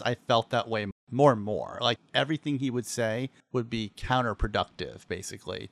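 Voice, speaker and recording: A man's voice: mid-range voice, a bit bright, no room sound, studio quality. A man co-hosting a podcast, talking thoughtfully about a TV episode in a casual way. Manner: thoughtful, agreeable, laughs. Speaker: podcast co-host. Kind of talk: casual TV recap chat.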